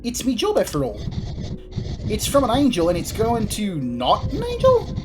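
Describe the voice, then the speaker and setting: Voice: medium pitch, huge pitch swings, moderate pace, music in the background, voice pushed up. A gamer voicing a cheery, clout-hungry male demon postman in a put-on New Zealand accent, eager and chummy. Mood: scheming. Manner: chummy, eager, calls people mate.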